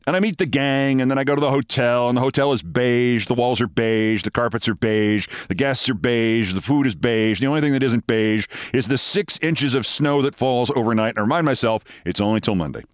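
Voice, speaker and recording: A man's voice: medium pitch, fairly even intonation, clear, resonant tone, dry recording, clean studio sound. Wry older man telling a story. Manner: wry, brisk anecdotal narration. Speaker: host. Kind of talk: storytelling monologue.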